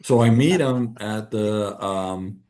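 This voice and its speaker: Guy, low voice, telling a work story on a podcast and doing all the voices. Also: slow pace. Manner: animated, acts out quoted dialogue. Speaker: podcast guest. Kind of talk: casual storytelling.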